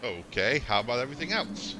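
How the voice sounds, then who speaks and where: A man voicing an easygoing, boozy male festivalgoer who talks in a relaxed, cheerful way, with game background noise. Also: medium pitch, fairly quick, close to an everyday voice. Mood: jolly. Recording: game ambience noise behind.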